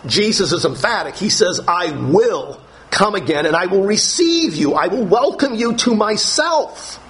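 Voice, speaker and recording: A man preaching a sermon, reading scripture aloud slowly and explaining it with emphasis. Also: very animated, a bit bright. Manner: slow, emphatic scripture reading, rising to higher pitch when dramatizing.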